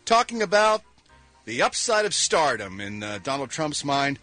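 A man's voice: a little high, sing-song, normal speed, bright, forceful tone, no room sound, faint music behind. A man reading showbiz news on a morning radio show, wry and sarcastic, with punchy lines and mumbled asides.

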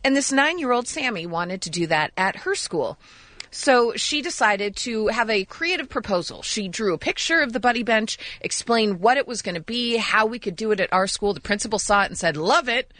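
Radio lady telling a feel-good story, excited, dry studio sound. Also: fairly high pitch, normal speed, dry recording. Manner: warm storyteller, enthusiastic, light teasing. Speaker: radio co-host. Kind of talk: casual radio banter, telling a news story.

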